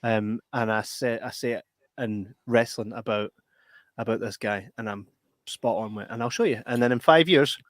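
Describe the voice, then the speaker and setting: A man's voice: medium pitch, normal speed, dry recording, studio quality. A man co-hosting a podcast in casual chat, repeating himself for emphasis, heard over a video call. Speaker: podcast co-host.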